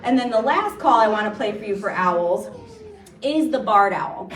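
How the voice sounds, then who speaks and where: A woman's voice: a little high, sing-song, brisk, fairly bright tone. A woman nature educator giving a chatty, playful talk about birds to a live audience, now and then imitating their calls. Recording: echoey room, distant mic.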